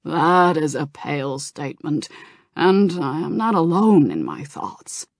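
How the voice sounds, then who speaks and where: A woman voicing an elderly male orc veteran, gruff and plainspoken. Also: sits low, sing-song, unhurried, dry recording, studio quality, heavily acted. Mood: sour.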